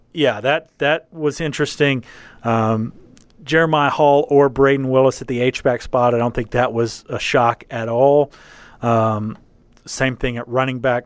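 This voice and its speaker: A man's voice: medium pitch, smooth, no room sound. A man hosting a casual sports podcast, talking things through with plenty of fillers and restarts. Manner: halting, many fillers and restarts. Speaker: podcast host.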